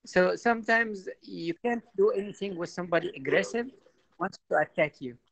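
Gravelly-voiced priest, halting delivery. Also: male voice, sits high, fairly bright tone, no echo, rough recording. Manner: halting, repeats words, tells anecdotes. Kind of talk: informal talk to a youth audience.

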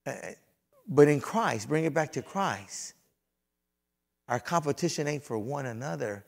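Gravelly-voiced preaching man. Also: a little high, animated, unhurried. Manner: swings from loud fervent preaching to quiet storytelling; folksy, conversational asides. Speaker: pastor. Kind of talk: sermon.

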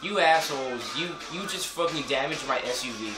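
A man's voice: a little high, expressive, fairly quick. A young man giving casual, profane gameplay commentary, swearing and rambling as he plays. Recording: echoey room with game music behind.

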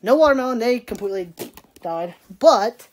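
A woman's voice: fairly high pitch, lively intonation, moderate pace, a little mellow. A woman chatting casually in a vlog from her backyard garden, rambling and laughing often. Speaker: vlogger.

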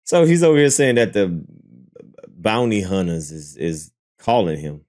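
A man reacting to clips on a live stream in casual commentary, mocking and animated, jumping into high squeals of disbelief. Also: a little slow.

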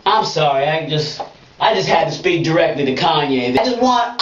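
A woman delivers a comedic monologue from a bathtub, her pitch jumping around as she swings from playful to mock outrage. The sound is roomy and bounces off bathroom walls. She sits back from a dull, lo-fi mic. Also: lively intonation, moderate pace, recorded from a distance. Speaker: comedic web show host.

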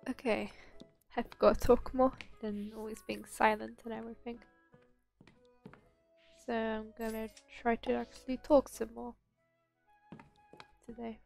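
A woman's voice: on the high side, level tone, measured pace, vocal fry, long pauses, darkish tone. A young woman gives casual, easygoing commentary as she plays a bakery game. She talks to herself and greets the in-game customers in a chatty way. Faint game music plays behind her voice. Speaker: gaming channel host.

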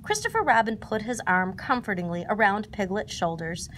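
A woman reading a children's storybook aloud, expressive in her narration. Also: medium pitch, moderate pace, few pauses, slight background noise.

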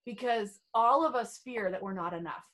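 A woman's voice: a little high, moderate pace, fairly bright tone. A middle-aged woman guesting on a podcast as a beauty trainer, talking in a bubbly, playful, self-assured way. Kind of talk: casual podcast chat.

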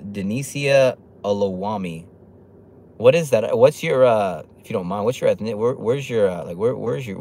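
A man's voice: lowish voice, darkish tone, a little hiss or hum. A man hosting a casual livestream, reading chat comments aloud with loose, profane talk and lots of laughs. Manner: fillers and restarts, laughs often. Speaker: livestream host.

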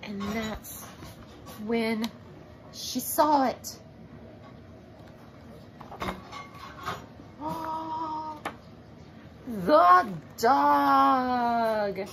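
A woman reading a picture book aloud to children, expressive and asking her listeners questions. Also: fairly high pitch, very slow, vocal fry, slight background noise. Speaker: storybook reader.

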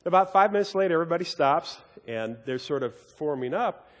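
Man, Bible study teacher, earnest sermon, fairly high voice, long hall reverb. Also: expressive, brisk. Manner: earnest, emphatic, often repeats and restarts words. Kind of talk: sermon with personal storytelling.

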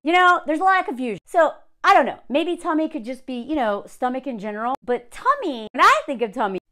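A woman with a high voice gives sarcastic reaction commentary, breaking into laughter between asides. Her pitch swings widely as she mocks what she reads. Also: big pitch swings, quick pace, bright, forceful tone. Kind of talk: reaction commentary, reading aloud.

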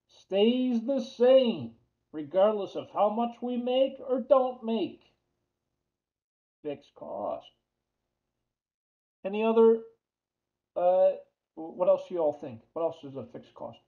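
A man's voice: high voice, very animated, takes it slowly, long pauses. New York man lecturing on accounting. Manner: chatty, asks the class questions, repeats key terms. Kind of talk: classroom lecture. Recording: dull lo-fi lecture audio.

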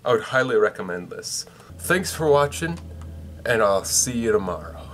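A man's voice: lowish voice, very animated, normal speed, background noise. A young man hosting a comedic vlog, rambling and correcting himself as he goes. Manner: rambling, self-correcting, jokey. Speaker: vlogger.

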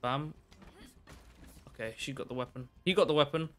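A young man giving chatty live commentary while playing a game, excitable and bursting into shouts. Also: mid-range voice, normal speed. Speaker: live streamer.

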